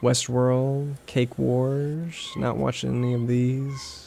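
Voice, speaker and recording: A man's voice: mid-range voice, little pitch movement, slow, gravelly, mellow. A man streaming a game, chatting casually with his viewers, swearing and laughing at his own jokes. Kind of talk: casual live-stream chat over gameplay.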